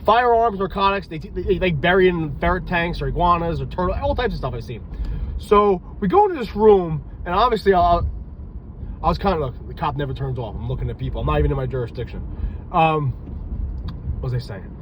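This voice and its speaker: A man's voice: on the high side, fairly quick, slight background noise, rough recording. A tired man tells rambling, profane stories in a casual vlog, talking outdoors near a street. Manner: rambling, animated, swears freely. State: tired and loopy. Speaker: reptile breeder and police officer telling stories.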